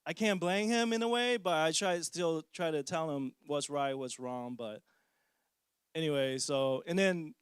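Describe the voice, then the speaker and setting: A man's voice: on the high side, measured pace, smooth, dry recording, clean studio sound. A man in his forties giving a casual personal testimony as a parent, joking and poking fun at himself. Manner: casual, joking, self-mocking storyteller.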